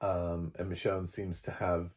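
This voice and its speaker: A man's voice: low-pitched, level tone, unhurried, a little mellow. A man casually recapping a TV episode, rambling with lots of fillers and frequent laughter. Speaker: TV show reviewer.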